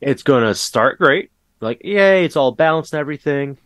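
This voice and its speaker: A man's voice: mid-range voice, brisk, a bit bright, no echo. A man co-hosting a podcast in casual gaming chat, wry and skeptical, with many fillers. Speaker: podcast co-host.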